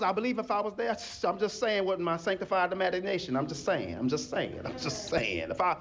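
A male preacher with a high voice that swings widely in pitch as he preaches. He uses folksy phrasing and keeps calling out to the congregation for answers. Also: a little fast, crowd noise. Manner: animated call-and-response preaching, folksy phrasing. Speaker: pastor. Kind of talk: sermon.

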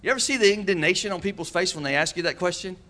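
Preacher guy, kinda high voice, calls out to the crowd and does funny voices. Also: racing, sharp tone. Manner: preaching with call-and-response asides; acts out quoted voices with humor. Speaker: pastor. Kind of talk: sermon.

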